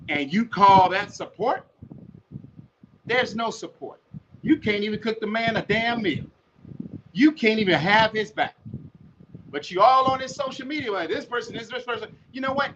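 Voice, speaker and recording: Male podcast host, high pitch, blunt profane preachy rant, muffled noisy recording. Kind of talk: ranting monologue. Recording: muffled with loud noise.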